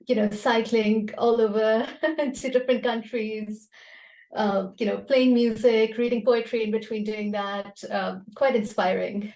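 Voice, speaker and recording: A woman's voice: fairly high pitch, steady tone, unhurried, a little mellow, roomy sound. A woman hosting an online poetry evening, speaking hesitantly with many fillers. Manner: hesitant, filler-heavy, appreciative. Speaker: event host. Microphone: video call.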